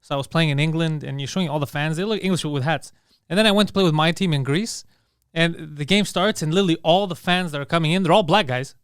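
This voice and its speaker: A man hosting a podcast in casual chat, with rapid, laughing banter. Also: a little high, clean tone, no room sound, studio quality. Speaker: podcast host.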